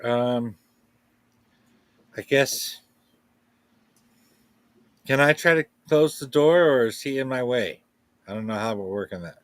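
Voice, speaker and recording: A man playing a tabletop game, talking hesitantly with lots of pauses. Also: medium pitch, no room sound. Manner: hesitant, full of ums. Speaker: player. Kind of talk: casual tabletop play.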